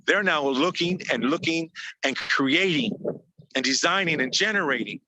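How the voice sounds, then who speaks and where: A man's voice: on the high side, moderate pace, pushed and bright, no echo. A man coaching business owners in a motivational talk over a video call, emphatic and repetitive, stacking short punchy phrases.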